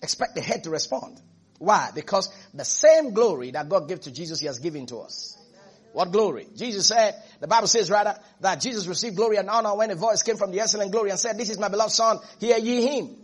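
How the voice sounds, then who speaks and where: A man's voice: high voice, animated, fast talker, slightly rough. A man preaching a sermon as pastor, emphatic, repeating phrases and asking the congregation if they are listening.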